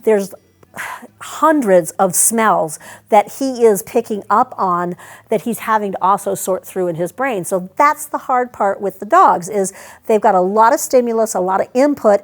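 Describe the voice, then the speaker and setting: Speaking at a moderate pace in a mid-range voice, a trainer shows veterans how to work with a service dog. She talks to them directly, explaining steps in a practical, chatty manner and cutting in with quick commands for the dog.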